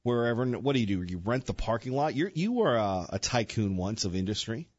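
A man's voice: medium pitch, big pitch swings, brisk, a little mellow, husky, no echo, lo-fi sound. An older man hosting a radio show, chatting casually with jokes and rambling asides. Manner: joking, rambling, self-interrupting. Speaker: radio host. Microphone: studio microphone.

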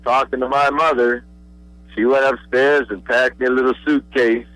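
An older man from Pennsylvania, a radio guest reminiscing, pausing often with uhs and repeated words. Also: medium pitch, flat delivery, fairly bright tone, no room sound, poor audio. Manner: halting, many uhs and repeated I's. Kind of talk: relaxed reminiscing.

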